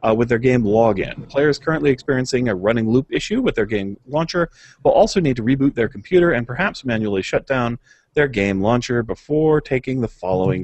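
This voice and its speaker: A man's voice: medium pitch, a little mellow, no room sound. A man co-hosting a gaming podcast, reading patch notes aloud and chatting casually, with frequent filler uhs and small chuckles. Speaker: podcast co-host.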